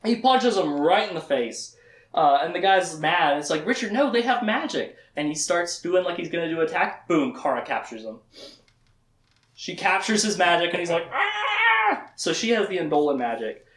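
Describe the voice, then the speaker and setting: A man giving a casual, comedic lecture summarizing books to a small audience, acting out the characters' lines with quick voice shifts. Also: a little high, lively intonation, a bit bright. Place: room with a small live audience. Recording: echoey room.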